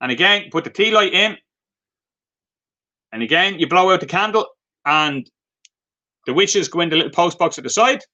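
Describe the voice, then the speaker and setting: A man's voice: sits high, expressive, moderate pace, pauses often, pushed and bright, lo-fi sound. An Irish man in a live video stream, a craft vendor showing off his handmade pieces and telling light-hearted stories, with many fillers. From Ireland. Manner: chatty storytelling with many fillers. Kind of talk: live product demonstration.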